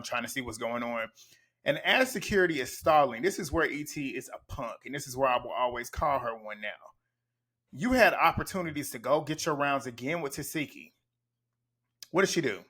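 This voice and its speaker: A man's voice: medium pitch, a bit bright. A man giving blunt, profane play-by-play commentary as he recaps a reality TV show. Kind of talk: casual reaction commentary.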